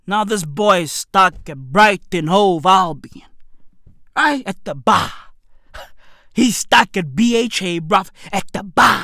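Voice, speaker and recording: A woman delivering a loud, mocking comedic rant about football. She often shouts and laughs. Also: mid-range voice, expressive, takes it slowly, dry recording, clean studio sound.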